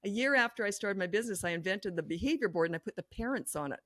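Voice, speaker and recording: A middle-aged woman giving blunt, no-nonsense parenting advice as a podcast guest, telling lively stories. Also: medium pitch, quick pace, no room sound, studio quality. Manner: lively, acts out quoted voices. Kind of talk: podcast interview.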